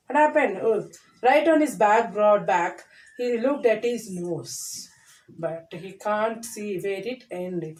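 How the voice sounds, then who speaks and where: A woman teacher reads a children's story aloud and explains it line by line, repeating and paraphrasing as she goes. Her voice is on the high side and animated. She sounds a little distant from the mic. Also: unhurried.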